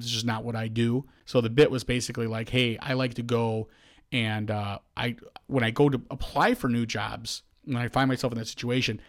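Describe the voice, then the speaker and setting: A man tells a rambling story on a casual podcast. He is animated, jumping into higher voices to act out the people in his tale, with many restarts along the way. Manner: animated, acts out quoted voices, frequent restarts. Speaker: podcast host.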